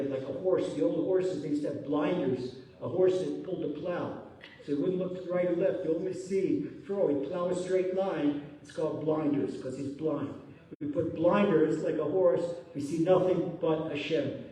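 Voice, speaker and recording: A male rabbi giving an animated Torah class sermon, telling stories and acting out the voices of the people in them. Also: sits high. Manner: animated storytelling, acting out quotes, sudden loud bursts. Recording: echoey hall from far off.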